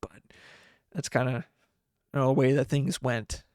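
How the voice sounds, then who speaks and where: A young man hosting a podcast, telling a personal story in a halting way, with many restarts and laughs through the sad parts. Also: medium pitch, level tone, a little mellow, clean tone, no room sound, studio quality. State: tearful. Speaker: podcast host. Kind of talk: casual storytelling monologue.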